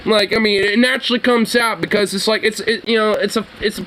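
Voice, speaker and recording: A man with a fairly high voice talks in a loose, rambling way, packed with profanity and filler. He chats casually with a co-host, and faint noise hums behind him. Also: steady tone, fairly quick, bright, forceful tone, rough recording. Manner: profane, rambling, laughing often. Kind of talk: casual political commentary chat.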